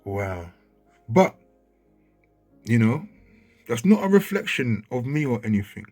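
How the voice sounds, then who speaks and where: Speaking into a handheld mic, a man casually comments over a video he's playing, getting excited and checking in with the listener as he points things out. His voice is medium-pitched and unhurried, with faint music in the background.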